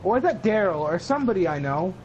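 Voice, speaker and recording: A teenage boy rambling through a casual, profane story, often mimicking other people in a higher voice. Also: sing-song, quick pace, a little mellow, lo-fi sound, slight background noise. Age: teens. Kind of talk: casual chat.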